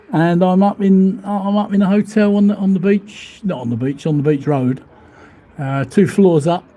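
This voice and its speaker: Speaking in a high-pitched voice with a dark tone, this man rambles casually through a live stream, laughing often and cursing mildly as he reads viewer comments. He's a vlogger in a hotel room that looks out over the seafront.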